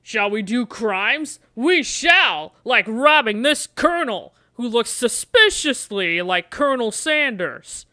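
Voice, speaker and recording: A woman streaming a gamebook, chatting playfully and coaxing her dice. She talks at an unhurried pace with a bright, clear tone. The sound is dry and close. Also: on the high side, very animated, no room sound. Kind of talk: livestream playing a gamebook.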